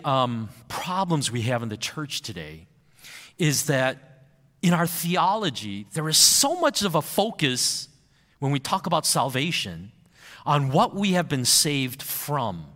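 A man preaching a sermon in a big reverberant church hall. His voice sits a little high for a man and swings widely in pitch. He slows down and stretches out the words he wants to land. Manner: expressive preaching, stretches key phrases slowly for emphasis. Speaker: pastor.

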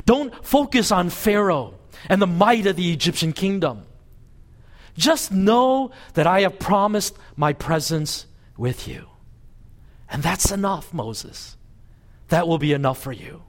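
A man preaching a sermon as pastor, retelling a scripture story with lively, animated delivery. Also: measured pace. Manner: animated storytelling, voicing God and Moses with lively pitch swings. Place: church service.

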